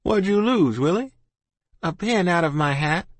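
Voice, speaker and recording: A man's voice: high voice, lively intonation, measured pace, no echo, voice pushed up. A man voicing a stubborn eleven-year-old girl who talks in a folksy rural dialect. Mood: evasive.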